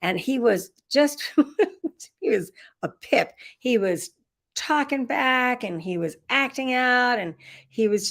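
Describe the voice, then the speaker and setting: Her voice fairly high and lively in intonation but slow, a middle-aged woman tells a personal story while leading an online workshop. She's warm and laughs often, speaking through a computer mic.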